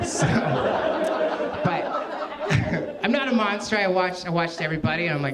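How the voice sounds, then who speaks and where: A man telling a stand-up story on a club stage, animated and laughing at his own tale as he acts out what people said. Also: high-pitched, a little slow, long pauses. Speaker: stand-up comedian. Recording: live club recording, loud crowd. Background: audience laughter and club noise.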